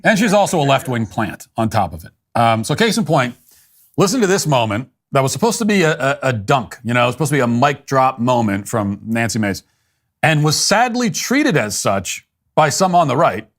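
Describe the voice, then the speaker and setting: A man's voice: medium pitch, very animated, moderate pace. A male political commentator giving a blunt, opinionated monologue, often restarting his sentences. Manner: blunt, dismissive, frequent restarts and fillers.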